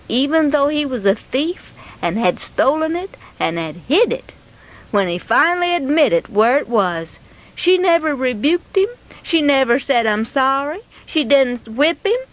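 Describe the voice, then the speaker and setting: A woman telling a Bible story dramatically, with expressive, moralizing asides to her listeners. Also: on the high side.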